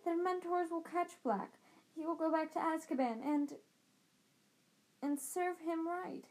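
A woman's voice: very high voice, steady tone, measured pace, darkish tone, faint music behind, voice pushed up. A woman doing an anxious teenage schoolgirl. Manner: anxious, pleading.

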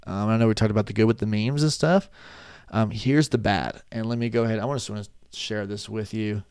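A man's voice: on the low side, fairly even intonation, brisk, a little mellow, clean tone, dry recording, clean studio sound. A man in his twenties talking casually into a desk microphone at home, rambling off on tangents while sleepy and yawning. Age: 20s. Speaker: vlogger.

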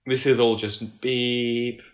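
A man co-hosting a casual comedy chat, joking around and quick to apologise. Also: lowish voice, expressive, fairly bright tone. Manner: joking, giggly, apologetic asides. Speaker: podcast co-host.

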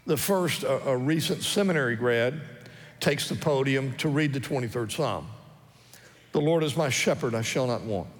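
A male pastor preaching a sermon earnestly and repeating his key phrases for emphasis. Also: a little high. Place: church sanctuary. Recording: long reverb of a church hall.

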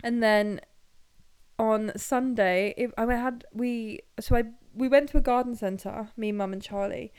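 A woman's voice: on the high side, unhurried, a little mellow, clear, resonant tone, dry recording. A young Englishwoman co-hosting a casual podcast chat, telling stories in a giggly, chatty way. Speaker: podcast co-host.

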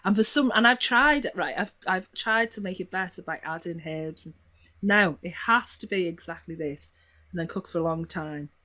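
Woman, Liverpool accent, casual chat, lively storyteller, low-ish voice, laughs a lot. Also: normal speed. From Liverpool, England. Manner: animated storyteller, laughs often, voice swoops high in anecdotes.

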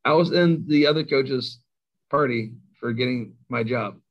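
A man's voice: mid-range voice, unhurried, highs cut off. Man telling a rowdy coaching story. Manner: animated, self-mocking storyteller. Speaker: high school football coach. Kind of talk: storytelling in an interview.

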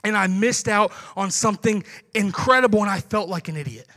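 A pastor telling a personal story in a sermon, acting out the conversations he recalls with lively, animated delivery. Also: high-pitched, brisk, big-room sound.

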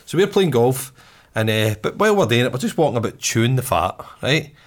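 A man's voice: mid-range voice, big pitch swings, brisk. A man with a Glaswegian accent telling a story in casual chat, laughing often and swearing freely. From Glasgow, Scotland.

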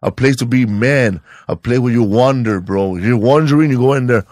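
A man's voice: mid-range voice, moderate pace, a little mellow, dry recording, studio quality. A man hosting a podcast, rambling in crude banter and saying bro a lot. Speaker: podcast host.

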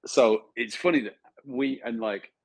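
A man co-hosting a football podcast, telling animated stories and mimicking fans. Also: a little slow, no room sound, poor audio. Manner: animated storyteller, mimics fans in high voices, swears. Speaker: podcast co-host. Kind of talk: casual football chat.

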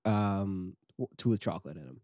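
A young man in easy conversation, his voice swinging up and down as he tells a story. He laughs often and slips into quick impressions of the people in it. The sound is dry and close. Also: low-pitched, dry recording. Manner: animated storytelling with laughs and acted quotes. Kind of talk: casual chat.

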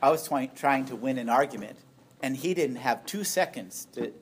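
A middle-aged man, a priest, giving a storytelling witness talk, animated and playful as he acts out what others said. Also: normal speed, a little hiss or hum. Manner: animated, acts out quoted voices with big pitch jumps.

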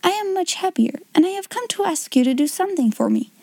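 A woman's voice: extremely high pitch, lively intonation, fast, dark tone, no echo, studio quality, voice pushed up. A woman voicing an earnest, polite young girl in a storybook reading. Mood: gentle.

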